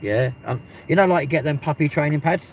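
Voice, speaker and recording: A man with a London accent and a fairly high, fast voice hosts a live stream, rambling casually and swearing freely. It's captured in muffled lo-fi audio with faint noise.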